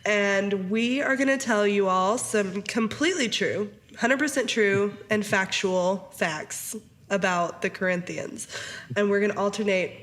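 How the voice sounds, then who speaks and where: Laughy woman cohost in her 30s, chatty and animated, telling parenting stories. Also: mid-range voice, measured pace. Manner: giggly, animated storytelling with frequent laughter. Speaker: podcast co-host. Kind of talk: casual podcast chat.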